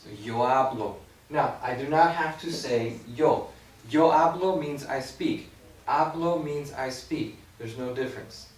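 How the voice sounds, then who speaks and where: A man's voice: mid-range voice, measured pace. Guy teaching a spanish lesson on video, patient, a bit jokey, far from the mic, roomy echo. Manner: patient, explanatory, with playful asides. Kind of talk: recorded video grammar lesson. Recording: echoey room, far from mic, faint background hum.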